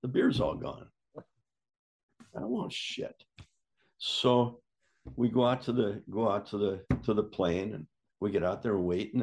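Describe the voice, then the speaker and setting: An older man and former wrestler, his voice on the low side with a breathy edge, casually tells a story. He's a lively yarn-spinner who acts out what people said and swears freely.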